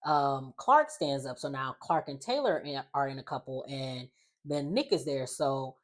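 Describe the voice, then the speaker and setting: A woman's voice: a bass voice, unhurried. A woman recapping a reality show in a casual, chatty vlog, leaning on "like" constantly. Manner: chatty, heavy use of "like", animated quoted voices. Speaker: recap vlogger.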